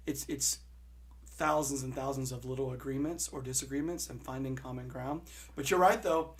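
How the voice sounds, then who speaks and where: A man's voice: mid-range voice, steady tone, moderate pace. A man joining a podcast as a guest in casual conversation, agreeable and reflective. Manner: agreeable, short affirmations.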